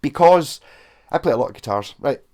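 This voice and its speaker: A Scottish man with a voice a touch higher than most talks through a guitar review in a loose, rambling way. He is frank and swears freely. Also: lively intonation, brisk, mellow. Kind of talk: casual gear review chat.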